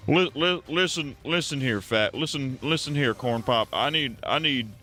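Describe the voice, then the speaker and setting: A man's voice: medium pitch, bright, forceful tone, soft background music, close to an everyday voice. A man putting on the voice of a rambling, confused old male politician who stutters and restarts every phrase. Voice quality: stuttering, endless halting restarts.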